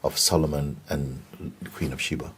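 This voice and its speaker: A man giving a gentle spiritual talk and telling stories, often checking in with his listeners. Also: rumbling low, flat delivery, slight background noise. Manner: gentle, unhurried, keeps asking "you see?". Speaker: spiritual teacher.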